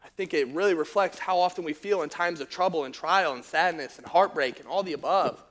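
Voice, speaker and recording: A man preaching to a youth group, telling a story in slangy, animated speech and turning quieter and earnest when he teaches. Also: sits high. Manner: slangy and animated, calls the crowd bro and dude. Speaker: youth pastor. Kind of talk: youth sermon with a comic opening story. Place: church youth service venue.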